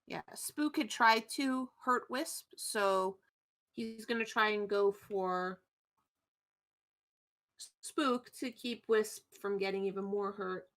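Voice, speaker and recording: A woman running a tabletop game as game master, narrating in a relaxed, descriptive way. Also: mid-range voice, slow.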